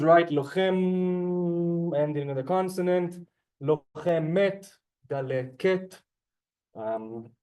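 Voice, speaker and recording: A man teaching a class in a classroom, with a raised, mellow voice. He explains patiently and step by step and keeps checking that his students are following. His delivery is unhurried and methodical. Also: fairly high pitch. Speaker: Hebrew teacher. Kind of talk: classroom lesson.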